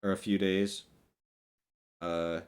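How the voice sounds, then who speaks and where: A man's voice: low voice, little pitch movement, slow, clean tone. A man narrating as game master of a tabletop role-playing game, talking casually with frequent fillers and restarts.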